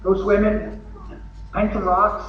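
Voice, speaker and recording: A man's voice: high voice, flat delivery, takes it slowly. Texan guy cracking jokes at a convention podium, roomy big hall, kinda lo-fi, faint hiss. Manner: folksy and joking, with acted asides. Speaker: convention speaker. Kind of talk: recovery talk from the podium. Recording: echoey hall, lo-fi, from far off.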